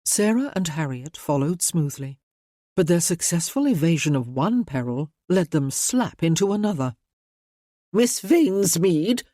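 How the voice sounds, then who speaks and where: A woman narrating a romance audiobook in a calm, measured way. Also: low-pitched, dry recording, studio quality.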